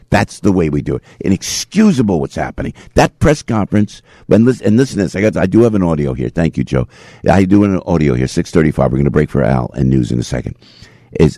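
Animated, gravelly male radio host. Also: sits low, no echo, clean studio sound. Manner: excitable, rambling, laughs often. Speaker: radio talk show host. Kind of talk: animated opinionated radio talk. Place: radio studio.

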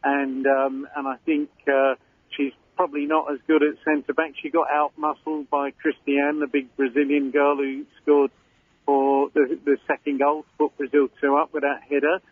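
An older man with a Cockney accent talks football as a radio pundit, rambling through his points with plenty of "you know" and "uh". His voice is a little husky, and it comes through a narrow, tinny phone line. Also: a little high, level tone, moderate pace, no echo. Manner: chatty, rambling analysis with fillers. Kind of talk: casual radio chat.

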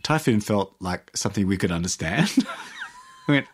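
A man's voice: sits low, fairly quick, breathy edge. A man, telling stories animatedly and mocking himself as an interview guest. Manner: animated, self-mocking, laughing often. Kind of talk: interview storytelling.

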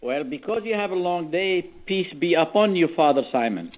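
A male caller with a Middle Eastern accent, speaking politely and formally in halting phrases over the phone. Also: high-pitched, expressive. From Assyrian. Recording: tinny phone line.

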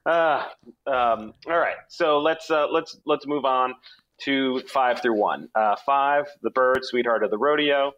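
A man's voice: mid-range voice, measured pace, a bit bright. A man hosting a casual music chat, reading out a ranked list and giving his own picks. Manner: brief acknowledgments, reads a ranked list. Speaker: podcast host. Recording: dull lo-fi sound.

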